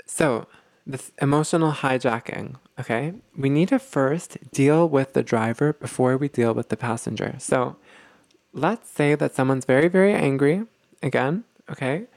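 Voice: mid-range voice, normal speed, darkish tone, no echo. A teacher of a relationship series explaining things step by step, often stopping to check in with "okay?". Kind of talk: explanatory lesson talk.

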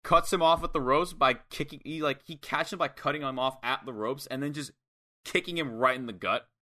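Bright-voiced man recapping a match. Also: medium pitch, a little fast. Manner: swears freely, recaps match play by play. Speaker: podcast co-host. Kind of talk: casual wrestling review chat.

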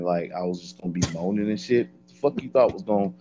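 Blunt low-voiced man on a dull mic. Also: brisk, few pauses, over music. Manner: blunt, profane, dry storytelling. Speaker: podcast co-host. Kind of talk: casual chat.

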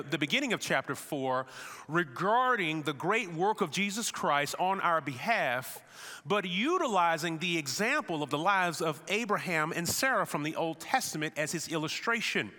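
A man preaching a sermon as a pastor, telling a vivid, animated story to make his point. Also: sits high, in a large hall.

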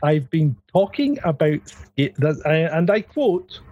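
A man's voice: on the high side, big pitch swings, measured pace, warm tone, no echo, muffled recording. A man co-hosting a casual news stream, laid-back and wry, reading quotes aloud. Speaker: co-host of a news talk stream.

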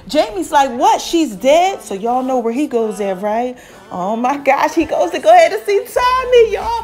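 A woman podcast host giving an excitable, casual recap of a TV episode, talking straight to her listeners. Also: sits high. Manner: excitable storytelling, addresses listeners as y'all.

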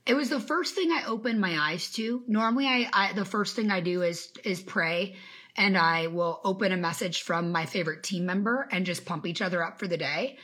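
A woman's voice: medium pitch, moderate pace, a bit bright, breathy edge. A woman in her thirties, a business coach giving an emphatic, faith-infused motivational talk on a live stream and greeting viewers by name. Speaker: business coach and podcast host.

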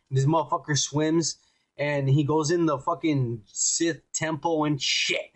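A man riffing on a podcast in a loose, profane way, his voice a touch higher than most men's. He's animated and acts out the scenes he describes. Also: moderate pace. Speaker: podcast co-host. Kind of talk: casual profane chat.

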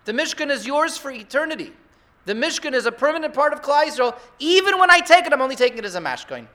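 High-pitched, bright-voiced rabbi giving a sermon. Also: male voice, fast talker. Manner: rhetorical, builds to excited emphasis. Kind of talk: Torah sermon.

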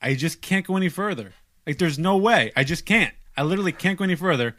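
A young man casually telling a long story on a podcast, animated and self-mocking, stumbling over restarts. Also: high voice, fast talker.

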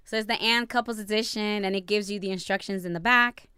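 A young woman co-hosting a casual livestream chat from a home studio, animated and slangy, laughing as she talks. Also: medium pitch, quick pace, clean tone, dry recording. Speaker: podcast co-host. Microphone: studio mic.

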